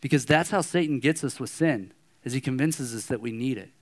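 A pastor in his thirties delivers a sermon in a brisk, mid-range voice, sharing personal stories conversationally. He becomes animated when he acts out anger.

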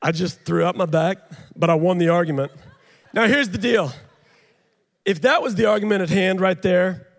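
High-voiced preacher in a reverberant hall. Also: male voice, moderate pace. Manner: animated, joking with the audience. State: out of breath. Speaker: pastor. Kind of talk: sermon with live demonstration. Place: large hall with an audience. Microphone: handheld mic.

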